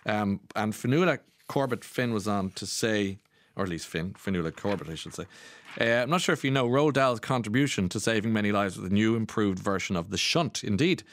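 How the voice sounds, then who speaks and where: A man's voice: on the low side, animated, brisk. A chatty Irish man hosting a radio show, reading out listener messages between gossipy asides. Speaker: radio host.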